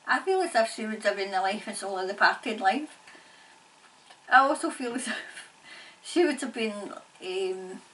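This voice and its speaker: A Scottish woman working as a psychic medium, talking in a halting, repetitive way and laughing often. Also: mid-range voice, lively intonation, bright, forceful tone, recorded from a distance, rough recording. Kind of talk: channelling session, casual monologue.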